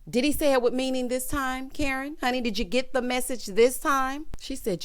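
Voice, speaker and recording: A woman talks through a TV episode in a sassy, chatty recap. Her pitch swings widely as she acts out lines. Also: sing-song, moderate pace, few pauses. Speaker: TV recap host. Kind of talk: casual recap commentary.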